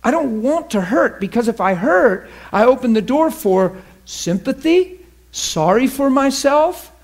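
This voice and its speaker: A man's voice: extremely high pitch, big pitch swings, measured pace. A man preaching a sermon to a class, emphatic and fervent, often asking the audience questions and laughing with them.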